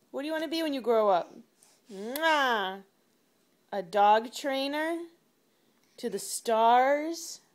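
A woman's voice: high-pitched, a little mellow. A woman reading a picture book to her toddler at home, in a playful sing-song baby talk full of animal noises. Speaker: parent.

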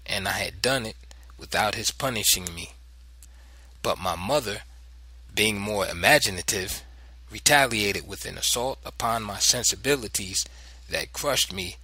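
A man reading a memoir audiobook in measured, literary narration, recorded close and dry. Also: on the low side, sharp tone, husky, dry recording. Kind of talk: scripted narration.

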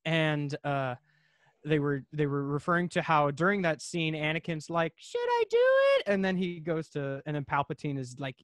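Rambling man with a high voice. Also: steady tone, moderate pace, fairly bright tone, no echo, clean studio sound. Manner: rambling, lots of filler words; laid-back storytelling. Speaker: podcast guest. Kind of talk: casual chat.

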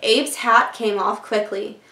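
A fairly high-voiced woman reads a children's chapter book aloud, gentle and storytelling, as a teacher would. The sound is roomy and echoey. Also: steady tone, slow pace. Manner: gentle storytelling, voicing characters lightly.

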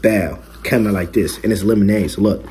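There's background noise as a young man with a fairly low voice chats a little fast with viewers during his mukbang vlog. He's joking and boastful, full of loose slang, in his bedroom lit by colored LED lights.

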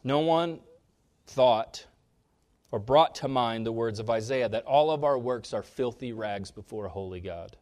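Male pastor, mid-range voice, sermon delivery with strong emphatic rises and quiet drops. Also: unhurried. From Kansas. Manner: preaching with big swings in pitch and loudness, rising sharply on key points.

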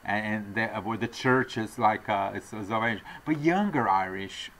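A man's voice: lowish voice, a bit bright. Guy from argentina rambling thru a story in an interview, lots of restarts, faint hum behind. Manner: rambling, halting speech with many restarts; acts out quoted voices. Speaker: traveling salesman.

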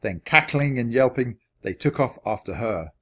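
Expressive man reading a children's book. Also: moderate pace. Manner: expressive, varied pitch. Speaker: audiobook reader. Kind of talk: children's audiobook narration.

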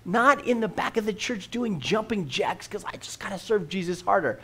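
A man's voice: sits high, lively intonation, moderate pace, a bit bright, slightly rough. A middle-aged man, a pastor, preaching a sermon in an earnest way and often repeating words as he starts a sentence. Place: church.

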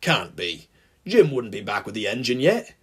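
A man voicing a firm, gruff male railway engine driver in a fan audiobook. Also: mid-range voice, big pitch swings, moderate pace.

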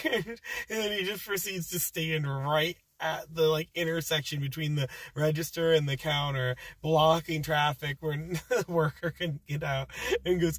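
A man's voice: fairly high pitch, measured pace, fairly bright tone, breathy edge, dry recording. A man who drives food deliveries, chatting and telling stories as he drives, and laughing often. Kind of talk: casual vlog narration. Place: in a car. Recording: car road noise.

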